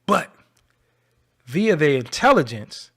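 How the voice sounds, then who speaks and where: A man hosting his own channel, delivering a scolding, confrontational rant that swings between loud and low. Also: sing-song, takes it slowly, breathy edge. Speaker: channel host. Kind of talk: ranting commentary to camera.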